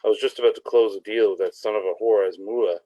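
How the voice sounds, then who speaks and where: A man's voice: lowish voice, fairly even intonation, fast, warm tone, no room sound, highs cut off, lightly acted. A man voicing a blustering, foul-mouthed stout merchant in a fantasy story reading. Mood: boastful. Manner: crude, boastful, jabbering.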